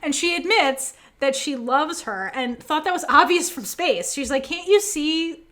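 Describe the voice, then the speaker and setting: A woman co-hosting a podcast, chatting casually and animatedly with lots of fillers as she recaps scenes. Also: high voice. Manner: animated, fast, many fillers, quotes characters. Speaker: podcast co-host.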